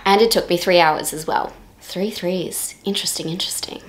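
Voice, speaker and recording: A woman in her thirties with a slightly low voice narrates a casual vlog. She talks in a chatty, easygoing way and tosses in playful little jokes as she goes. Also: normal speed. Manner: chatty, with playful joking asides. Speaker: vlogger.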